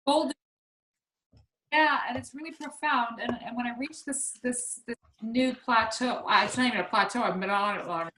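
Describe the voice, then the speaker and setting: A woman's voice: on the high side, moderate pace, sharp tone, reverberant, rough recording. A woman co-hosting a casual spiritual chat over a video call, speaking earnestly and searching for her words. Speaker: spiritual talk co-host.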